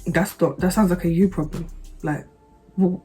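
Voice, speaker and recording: Woman, storytime vlog, blunt and sarcastic, low mellow voice, soft music underneath. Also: steady tone, normal speed, breathy edge. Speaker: vlogger. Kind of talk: animated storytime monologue.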